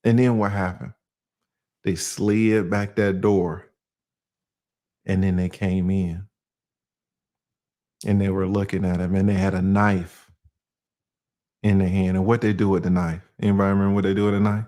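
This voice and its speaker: A man's voice: deep voice, flat delivery, normal speed, long pauses, warm tone. A male attorney giving casual legal commentary, telling it like a story with rhetorical questions and slangy asides. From United States.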